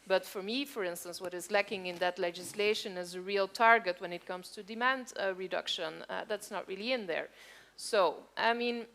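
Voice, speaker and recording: A woman with a mid-pitched voice argues her point as a panelist at a conference event. She speaks in a measured way, with the occasional filler. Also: fairly bright tone. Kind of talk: panel debate.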